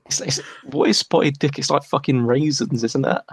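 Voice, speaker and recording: A man with an English accent jokes crudely and sarcastically as he co-hosts a livestream. His voice is gravelly and sits in a dry, close sound. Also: medium pitch, fairly even intonation, normal speed, no echo. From England. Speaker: livestream co-host. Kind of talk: casual chat.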